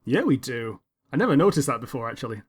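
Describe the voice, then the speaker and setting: A man's voice: mid-range voice, very animated, fast talker, breathy edge. A man co-hosting a podcast in casual chat, laid-back and agreeable, filling in details about the show. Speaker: podcast co-host.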